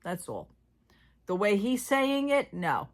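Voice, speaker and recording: Chatty woman with a lively voice. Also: medium pitch, slow pace. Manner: chatty, trailing off with fillers. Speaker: host. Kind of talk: casual chat.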